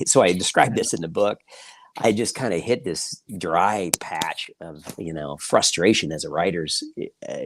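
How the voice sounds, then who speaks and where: A man, an author and journalist, talking reflectively in an interview, pausing often with fillers. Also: low voice, no echo. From Kansas City, United States. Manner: reflective, halting with many fillers. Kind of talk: interview conversation.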